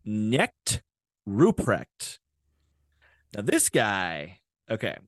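A man hosting a podcast in casual chat, animated and full of fillers and swearing. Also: on the low side, very slow, dry recording, clean studio sound. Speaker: podcast host.

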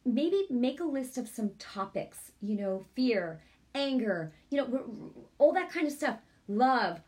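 A woman's voice: mid-range voice, darkish tone. Fervent woman giving a devotional talk. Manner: fervent and earnest, repeats "I'm telling you"; chatty, answers viewer comments aloud. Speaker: online ministry host. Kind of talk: live-streamed devotional talk.

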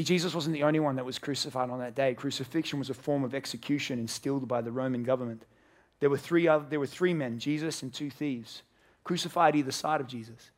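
A man preaching a sermon to a church congregation, earnest, acting out the characters in his story. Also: mid-range voice. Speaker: pastor.

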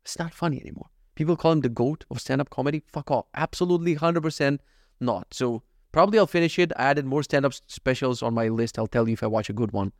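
A young adult man talks at a rapid clip through a rambling solo podcast. He swears freely, mocks himself and slips into quick voices to quote the people around him. The recording is dry and close, with no room sound. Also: medium pitch, dry recording. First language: not given. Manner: fast, rambling, swearing, self-mocking; switches into quick voices when quoting others. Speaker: podcast host. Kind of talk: casual solo podcast monologue. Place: at home.

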